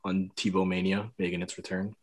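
A man on a casual football podcast, wry and trailing off quietly. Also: deep voice, flat delivery, fairly quick, no room sound. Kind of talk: casual sports podcast chat.

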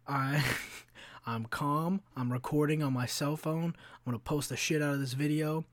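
A man's voice: a little high, moderate pace, dry recording. A man in his twenties hosting a podcast, telling stories in a rambling, profane, casual way, full of fillers. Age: 20s. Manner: profane, rambling, animated storytelling with frequent fillers. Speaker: podcast host. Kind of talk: casual solo storytelling.

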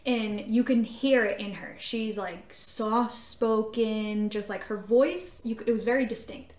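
Chatty woman with a high-pitched voice, echoey room. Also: measured pace. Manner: animated storytelling with many fillers. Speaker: podcast co-host. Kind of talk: casual faith-talk podcast chat.

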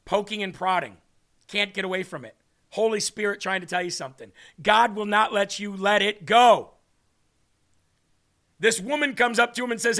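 Bright, high-voiced man preaching a story. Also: brisk. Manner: animated, acts out dialogue in a story. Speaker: host and preacher. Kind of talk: storytelling sermon.

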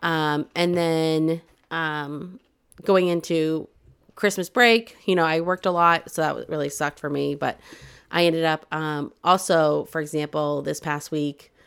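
A woman's voice: low-pitched, fairly even intonation, a little slow, creaky, fairly bright tone, smooth. Chatty mother telling a story. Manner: chatty storyteller, laughs often. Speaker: podcast co-host. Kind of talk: casual chat.

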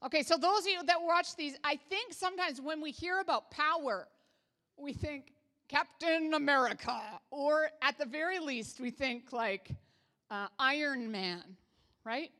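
A woman's voice: high voice, normal speed, pushed and bright, big-room sound. A woman pastor from Canada preaching a sermon in a casual, humorous way, with asides to the congregation. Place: church sanctuary.

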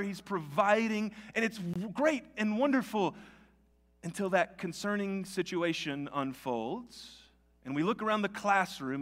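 A male pastor preaching a sermon, telling a story in a conversational, animated way with many restarts. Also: sits high. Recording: long hall reverb.

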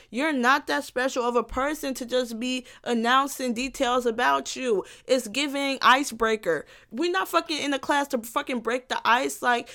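A young woman with a high voice tears into her topic in a solo podcast rant. She is profane, exasperated and sarcastic, talking alone in a room. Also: moderate pace, hardly any pauses, bright, forceful tone. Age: young adult. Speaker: podcast host.

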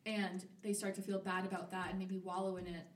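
A woman's voice: medium pitch, a little fast, slight background noise. A college student in her twenties, a guest on a podcast, telling her story openly and acting out her own quoted thoughts. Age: 20s. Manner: open, candid storytelling, animated quoting of herself. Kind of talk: casual conversation. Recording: roomy, slightly distant mic.

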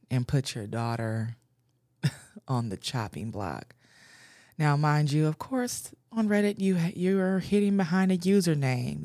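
A woman's voice: rumbling low, creaky, warm tone, no room sound, studio quality. A woman podcast host frankly commenting on a news story she reads out, laughing often.

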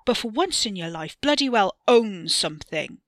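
In a lightly acted, angry read, a woman voices a sneering young man with a bitter edge, pressing out slow, cutting words in a bright, forceful, medium-pitched voice. The recording is close and dry, with no echo or room sound.

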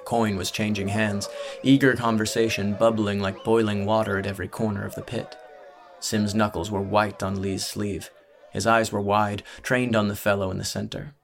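A man reading a fantasy audiobook as narrator, with measured, dramatic storytelling. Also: fairly low pitch, flat delivery, vocal fry, a crowd in the background.

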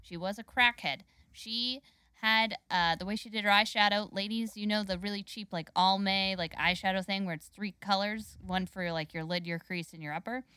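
Woman spinning a goofy work story, bright voice, dry close sound. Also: mid-range voice, normal speed, clear, resonant tone, no room sound. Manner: animated, laughing storyteller. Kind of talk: casual storytelling.

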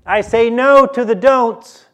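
A male pastor with a very high-pitched voice preaches a sermon in a church. He speaks slowly and emphatically, repeating key phrases for the congregation.

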